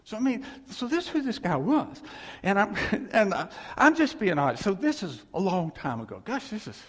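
A man preaching in a storytelling sermon style, animated and laughing as he acts out what others said to him. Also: high-pitched, moderate pace, breathy edge. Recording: long hall reverb.

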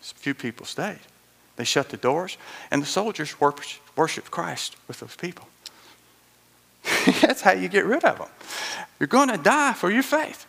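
A man preaching a sermon with animated storytelling, acting out the voices in his stories with chuckling asides. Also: on the high side, normal speed, vocal fry.

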